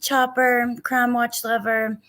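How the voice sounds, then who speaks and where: A woman's voice: on the high side, flat delivery, slow pace, a bit bright. Chatty woman hosting a livestream. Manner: greets viewers by name, talkative and a little frustrated. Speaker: true crime livestream host. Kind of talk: casual livestream chat.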